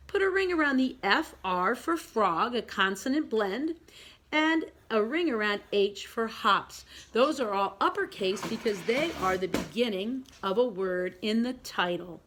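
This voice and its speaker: A woman teaching a pre-K reading lesson, giving gentle step-by-step instructions and reading each sentence aloud slowly and with exaggeration. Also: medium pitch, lively intonation. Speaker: preschool teacher.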